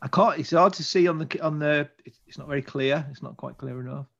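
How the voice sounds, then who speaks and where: A man's voice: on the high side, brisk, vocal fry, a bit bright, dull audio. A British man talking casually as a podcast co-host, chatty and enthusiastic, rambling a little as he goes. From Britain. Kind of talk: casual chat.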